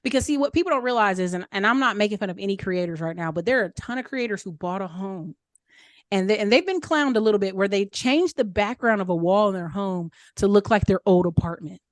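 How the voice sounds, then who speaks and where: Candid woman chatting bout money stuff, mid pitch, dry close sound. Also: animated, fast, no room sound. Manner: candid, chatty, acts out quoted voices. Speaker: guest speaker answering questions. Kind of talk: casual advice talk.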